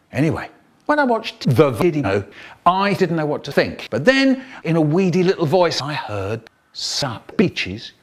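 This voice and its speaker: A man spins a comic first-person story with an animated, exaggerated delivery. His voice sits a little high for a man and swings widely up and down as he hams it up.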